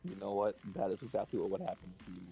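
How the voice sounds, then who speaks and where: A man in casual chat, rambling through an animated story with crude language and frequent laughs. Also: sits low, fast, creaky, soft background music, rough recording.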